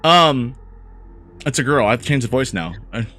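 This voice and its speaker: A man's voice: mid-range voice, lively intonation, normal speed, pushed and bright. A man co-hosting a horror story reading, chatting casually and tripping over his words. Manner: stumbling, repeating words. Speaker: co-host and story reader. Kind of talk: casual banter.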